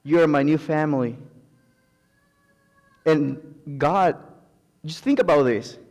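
A man delivers a sermon with fervent, repetitive thanks and calls of amen, in English that is not his first language. His delivery is slow and unhurried. A long reverb from the church hall trails each phrase. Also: a little high, a little mellow. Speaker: preacher.

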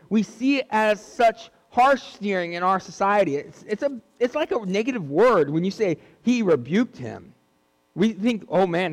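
A man with a high voice preaches an earnest sermon. He repeats key points to drive them home. His voice rings out with a long reverb, as in a church hall.

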